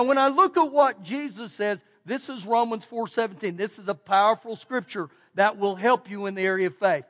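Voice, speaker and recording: A male pastor with a Texan accent delivers a sermon in a church sanctuary. His voice sits unusually high, and he drives his points home with repetition, dropping quiet and then rising again. The recording carries the long reverb of a big hall. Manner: preaching with emphatic repetition and shifts between loud and quiet.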